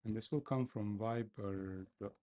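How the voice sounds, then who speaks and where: A man talking to himself as he codes, complaining loudly, then explaining each step casually. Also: fairly low pitch, measured pace, lo-fi sound. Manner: exasperated, talks to himself while coding. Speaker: developer livestreaming his coding. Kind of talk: casual coding commentary.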